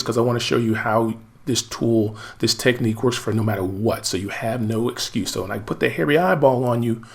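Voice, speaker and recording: A gravelly-voiced American man gives a casual screen-share tutorial, narrating each search he types. His speech is loose and excitable, with a mid-range pitch and a bit of fry at the bottom of his voice. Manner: chatty, thinks aloud while typing, excitable. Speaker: marketing coach.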